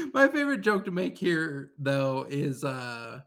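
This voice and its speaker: A man's voice: on the high side, huge pitch swings, takes it slowly, creaky, a bit bright. A man co-hosting a casual chat, joking, laughing often and swearing. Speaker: podcast co-host. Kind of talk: casual chat while playing music.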